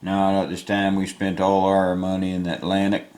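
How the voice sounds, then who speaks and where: A man's voice: deep voice, completely flat delivery, normal speed, darkish tone, lightly acted. A man putting on a drawling Texan general. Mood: folksy. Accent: put-on Texan. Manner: drawling, folksy, rambling. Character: folksy Texan American general, easygoing.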